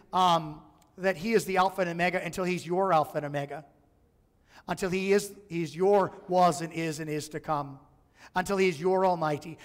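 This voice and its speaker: A man with a high voice preaches in a casual, joking way, with a lilt. His voice rings out in a church sanctuary, with a long reverb trailing each line of the live stream. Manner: conversational and humorous, acts out voices in his stories. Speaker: pastor. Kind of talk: sermon.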